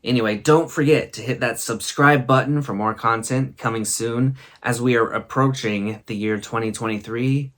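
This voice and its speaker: A man's voice: medium pitch, steady tone, normal speed, few pauses, fairly bright tone. A man hosting a comedy show, telling funny stories to the camera and laughing as he talks. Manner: chuckling, laughing through his stories. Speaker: host. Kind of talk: comic storytelling to camera.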